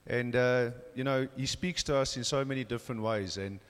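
A man's voice: mid-range voice, normal speed, clean tone, long reverb tail. A young man gives a casual, hesitant church testimony with many fillers. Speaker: church member giving testimony.

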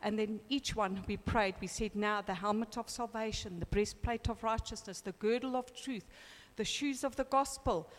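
A woman's voice: medium pitch, moderate pace, few pauses, long reverb tail. A middle-aged woman gives a heartfelt church testimony, quoting scripture and retelling prayers with emotion. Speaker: church member giving testimony.

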